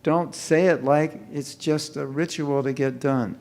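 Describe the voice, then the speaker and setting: A man's voice: a little high, fairly even intonation, measured pace, darkish tone. A man leading a live chanting workshop for an audience, joking often and mimicking careless mumbled chanting to make his point. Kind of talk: humorous live workshop talk. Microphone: microphone.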